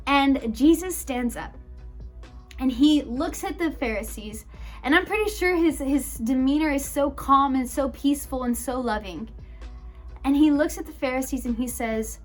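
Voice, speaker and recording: A young woman preaching to a youth group in a loose, conversational storytelling style. Her voice sits fairly high and she keeps a chatty, animated flow. Soft music plays faintly behind her. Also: normal speed. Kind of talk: casual youth sermon, storytelling.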